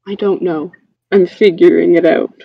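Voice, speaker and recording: A tabletop player giving deadpan, dry replies in casual role-play. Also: medium pitch, normal speed, gravelly, highs cut off.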